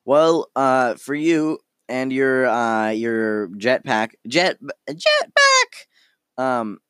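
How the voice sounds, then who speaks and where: A man's voice: medium pitch, huge pitch swings, extremely slow, pushed and bright, clean tone, dry recording, exaggerated voice. A man voicing a nervous townsman who stammers and rambles while begging for help. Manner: stammering, panicky.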